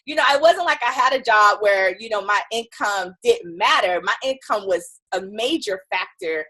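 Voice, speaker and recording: A woman guest on an interview show, telling her story in a chatty, animated way and acting out what others said. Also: medium pitch, moderate pace. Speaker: guest entrepreneur.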